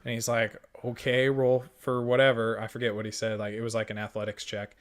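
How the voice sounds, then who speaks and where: Among friends, a young podcast host with an ordinary mid-range voice tells a tabletop game story a little fast. He's profane and animated, quoting the dialogue as he acts out every back-and-forth with the game master.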